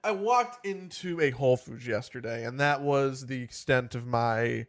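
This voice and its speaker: A man hosting a casual podcast, rambling and self-deprecating in quick bursts, with a groggy morning voice. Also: medium pitch. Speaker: podcast host.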